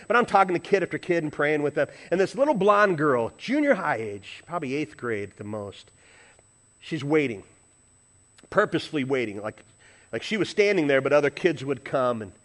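A middle-aged man preaching a storytelling sermon, swinging from hushed asides to loud, excited passages. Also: medium pitch, fairly quick. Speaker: pastor.

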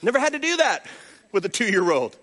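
A man's voice: high voice, brisk. A male pastor preaching a sermon, calling on the congregation to respond and acting out little voices as he goes. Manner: animated preaching with call-and-response and acted-out voices.

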